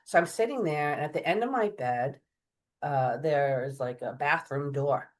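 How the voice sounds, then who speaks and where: A middle-aged woman telling her story as an interview guest, chatty and animated, acting out the voices of people she quotes. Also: sits low, moderate pace. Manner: chatty, many fillers and restarts. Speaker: guest medium.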